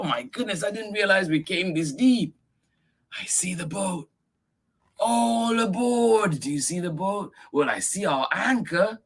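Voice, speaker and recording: A man reading a picture book aloud to young children, full of gasps, exclamations and questions for his little listeners. His voice is husky and swoops up and down with lively pitch, and he takes everything at a very slow, drawn-out pace. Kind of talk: animated read-aloud for kids.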